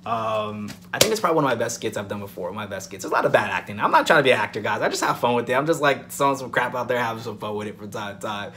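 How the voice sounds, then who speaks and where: A man's voice: mid-range voice, rapid-fire, hardly any pauses, noisy background. A man casually reviewing soap operas on his vlog, repeating points and calling his viewers guys. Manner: animated, repeats himself, addresses viewers as guys.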